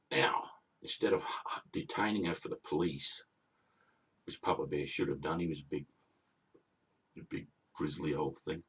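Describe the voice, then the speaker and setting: A man's voice: low-pitched, husky, distant mic. A man retelling a fairy tale for laughs, with indignant, rambling asides. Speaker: comic storyteller.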